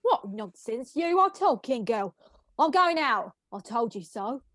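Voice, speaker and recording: A woman's voice: fairly high pitch, sing-song, unhurried, a bit bright, no room sound, studio quality, heavily acted. A woman reading the part of a bossy mistress of the house, scolding her maid in an old comic play. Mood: imperious. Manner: imperious, scolding. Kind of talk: script read-through.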